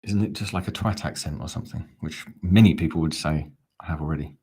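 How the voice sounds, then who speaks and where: A man's voice: extremely low pitch, quick pace, darkish tone, husky. A man hosting a live football fan watch-along, calling the play and chatting back to viewer comments. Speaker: fan channel host.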